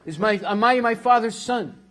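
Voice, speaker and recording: A man's voice: very high-pitched, moderate pace, fairly bright tone, voice pushed up. A man voicing a stern judge who insistently demands the truth in a spoken story.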